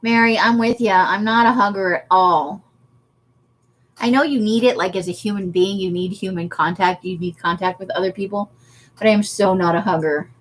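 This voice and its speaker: A chatty woman with a medium-pitched voice speaks at normal speed while hosting a craft livestream. She laughs often and reads and answers viewer comments in casual livestream chat.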